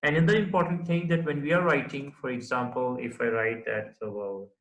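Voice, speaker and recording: A man's voice: a little high, fairly even intonation, brisk, fairly bright tone. A man teaching a recorded lecture, who explains step by step and keeps checking understanding with "right?". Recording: echoey room.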